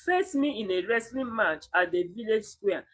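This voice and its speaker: A woman reading the part of a defiant, angry young village man in a story read aloud, speaking slowly and deliberately. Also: mid-range voice, animated, natural voice, rough recording. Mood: scornful. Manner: slow, deliberate reading of the lines.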